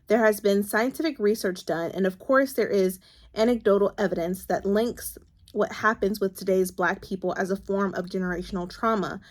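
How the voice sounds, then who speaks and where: A woman's voice: mid-range voice, moderate pace, lightly acted. A woman reading aloud the lines of an earnest adult man explaining research, in a plain voice. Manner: plain read-aloud dialogue.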